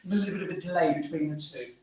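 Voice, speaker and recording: A woman's voice: low voice, very fast, a little mellow, slight background noise. A woman from the UK teaching a live online dance class, chatty and upbeat, counting steps aloud. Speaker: dance instructor. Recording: echoey room, voice from far off.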